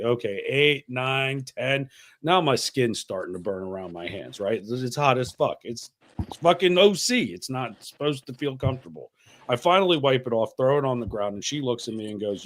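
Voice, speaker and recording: A man hosting a casual podcast, telling a crude story with lots of swearing and animated asides. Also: medium pitch, moderate pace. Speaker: podcast host.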